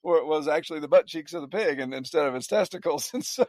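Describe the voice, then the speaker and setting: A man, a farmer guest on a podcast, telling stories in a halting way with many repeated words. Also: on the high side, darkish tone, dry recording, studio quality. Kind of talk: casual podcast interview.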